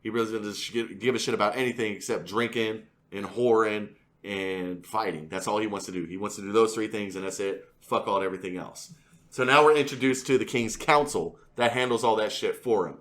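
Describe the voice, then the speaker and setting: A young man co-hosting a podcast, retelling a story in casual chat with quick voiced asides and plenty of swearing. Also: lowish voice, fairly bright tone. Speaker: podcast co-host.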